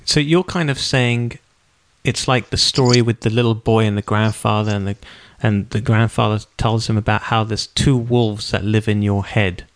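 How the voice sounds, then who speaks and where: A man in his thirties hosting a podcast, telling a personal story in a casual, animated way and acting out the quotes. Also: on the low side, normal speed. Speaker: podcast host.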